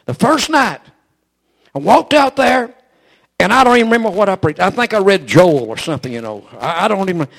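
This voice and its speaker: A man's voice: high-pitched, very animated, fairly quick, creaky, fairly bright tone. A man preaching a storytelling sermon, folksy and emphatic, repeating his phrases and adding "amen.".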